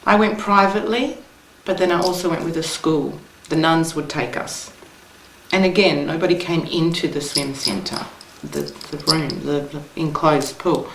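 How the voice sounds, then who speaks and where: A woman in her fifties telling a personal story, hesitant and halting. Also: sits low, creaky, a little hiss or hum. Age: 50s. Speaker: acting student. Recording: echoey room, somewhat distant.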